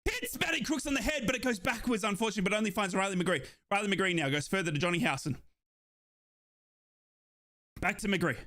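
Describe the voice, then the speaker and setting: A young man giving excited fan commentary on a live football match, shouting in euphoric bursts and out of breath. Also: high voice, fairly quick, pauses often. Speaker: fan watchalong streamer.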